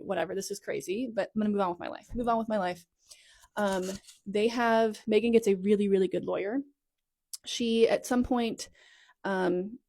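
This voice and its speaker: A woman's voice: mid-range voice, vocal fry, warm tone. Chatty woman in her thirties, rambling. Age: 30s. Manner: rambling and chatty, full of "like" asides and self-corrections. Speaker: content creator telling her life story. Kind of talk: casual storytime monologue. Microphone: phone.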